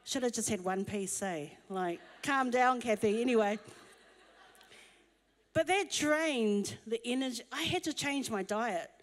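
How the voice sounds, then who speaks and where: Female pastor, high-pitched, humorous conversational sermon, long church reverb. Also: unhurried. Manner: humorous, chatty storytelling. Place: church auditorium.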